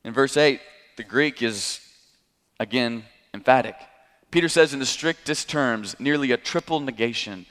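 A man's voice: medium pitch, normal speed, a bit bright, long reverb tail. A man preaching an expository sermon, explaining the text in a conversational way with light chuckles.

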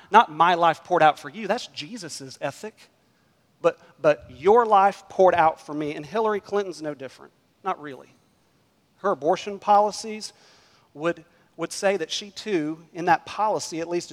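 A man delivers a sermon from the pulpit in a slightly raised voice. He preaches emphatically, pushing some phrases loud and letting others fall quiet. His voice rings with the long reverb of a large hall. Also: on the high side. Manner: emphatic preaching, rising and dropping in volume. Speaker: pastor.

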